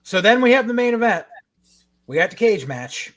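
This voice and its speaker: A man co-hosting a podcast, recapping a show in a profane, animated rant. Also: high voice, normal speed. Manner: profane, animated retelling with acted-out quotes. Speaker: podcast co-host.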